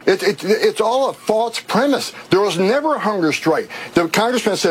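A man's voice: high voice, animated, normal speed, slightly rough. A man, an official, giving press remarks in an emphatic, repetitive way with stumbling restarts. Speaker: government official giving a statement.

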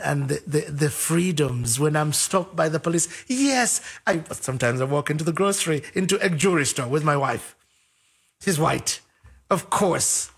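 African-born male guest, husky, excitable, jumps into voices when quoting people. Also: a little high. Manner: animated, acts out quoted voices, repeats words. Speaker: interview guest. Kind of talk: conversational storytelling.

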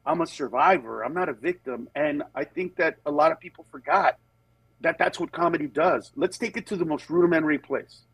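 A man who works as a stand-up comedian, telling stories in a casual conversation. He acts out other people's voices and turns earnest and measured on serious topics. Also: fairly high pitch, husky, no room sound.

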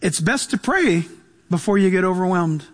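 High-voiced animated male preacher. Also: normal speed, big-room sound. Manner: animated preaching, acting out voices of people and God. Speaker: pastor. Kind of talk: sermon.

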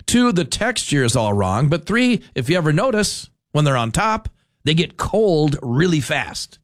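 A male talk radio host rambles through a casual monologue, cutting himself off mid-sentence. His pitch moves in lively swings. The studio sound is dry and close. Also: measured pace, no room sound. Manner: rambling, animated, self-interrupting. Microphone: studio mic.

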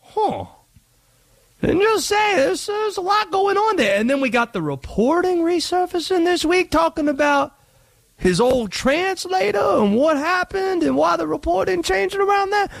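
A man's voice: lively intonation, a little slow, gravelly, no echo, clean studio sound, full character voice. Conspiracy Josh, a man doing a twangy Cajun conspiracy guy. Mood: suspicious. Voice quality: high-pitched, drawling put-on Cajun twang. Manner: wild, rambling, suspicious.

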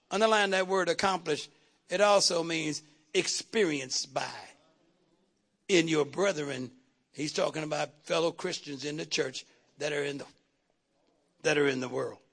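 A man preaching a sermon in church, asking the congregation questions and building up to shouted points. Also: on the high side, measured pace, creaky, long pauses. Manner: call-and-response preaching, rhetorical questions, rising to shouts. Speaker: pastor. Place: church sanctuary.

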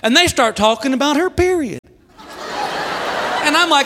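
A middle-aged man doing a stand-up routine, exasperated and shouting his punchlines. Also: extremely high pitch, animated, normal speed, pauses often, in a large hall. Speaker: stand-up comedian. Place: comedy stage before a live audience. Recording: live stage mic with crowd laughter and room noise.

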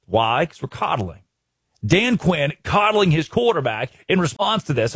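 Animated, husky sports talk host. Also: male voice, a little high, unhurried, no echo, clean studio sound. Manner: emphatic, ranting, with many restarts.

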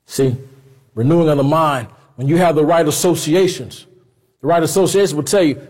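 A man preaching a sermon in a conversational, animated way. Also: on the high side, normal speed, long reverb tail. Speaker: pastor.

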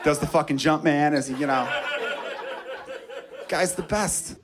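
A man from Chicago doing a crude, excitable stand-up set on a club stage, slipping into frenzied shouting bits. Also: on the high side, unhurried. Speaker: stand-up comedian. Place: comedy club stage with audience. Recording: live club recording with crowd noise. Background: audience laughter.

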